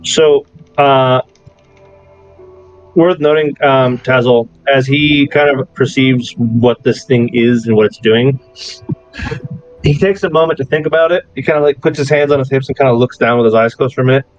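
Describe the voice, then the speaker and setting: A man running a tabletop game as game master, narrating in a relaxed, chatty way with lots of casual asides. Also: mid-range voice, normal speed. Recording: dull lo-fi mic with background music.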